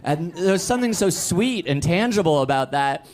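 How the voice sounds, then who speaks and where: A man's voice: high-pitched, animated, moderate pace. Rambling wry male storyteller. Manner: wry, rambling with many restarts and fillers. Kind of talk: live storytelling.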